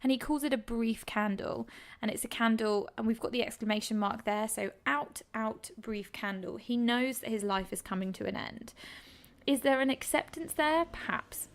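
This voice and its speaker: A woman's voice: on the high side, normal speed. A young woman from England, an English literature tutor, explaining exam answers in a chatty, enthusiastic way with frequent ums. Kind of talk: exam revision lesson.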